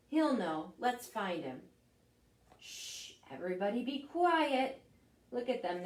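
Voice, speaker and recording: A woman librarian reading picture books at a children's storytime, animated and asking the children questions. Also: fairly high pitch. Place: library room. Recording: roomy echo, voice from a distance.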